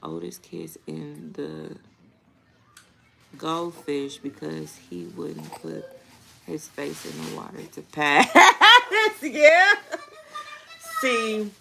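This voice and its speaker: A woman's voice: deep voice, wildly swooping pitch, very slow, creaky, long pauses, bright, forceful tone. Chatty mother of four talking to viewers. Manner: chatty, addresses viewers as y'all, laughs often. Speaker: vlogger reading viewer comments. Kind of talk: casual live chat with viewers.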